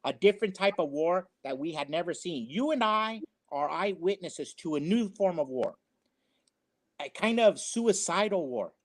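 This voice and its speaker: A man's voice: sits high, expressive, normal speed. A man giving opinionated commentary, emphatic and preachy, repeating his phrases for effect. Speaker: co-host.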